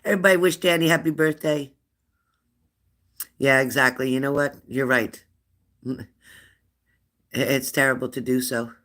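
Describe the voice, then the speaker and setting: A woman in her fifties hosting a live stream, chatting warmly and laughing as she reads out viewers' comments. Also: rumbling low, fairly even intonation, unhurried, long pauses. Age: 50s. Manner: chatty and affectionate, laughs often, answers comments aloud. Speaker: livestream host of a spirit-messages channel.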